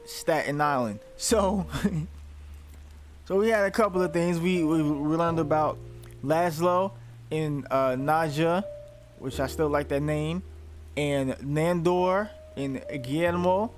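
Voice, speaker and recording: A man hosting a reaction video, rambling casually, laughing and swearing. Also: on the high side.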